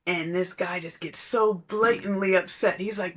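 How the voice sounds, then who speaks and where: A podcast speaker at an ordinary, middle pitch, talking through spiritual ideas in a casual way. The delivery is conversational and drifts into storytelling, with laughs now and then. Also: steady tone, moderate pace, few pauses, fairly bright tone.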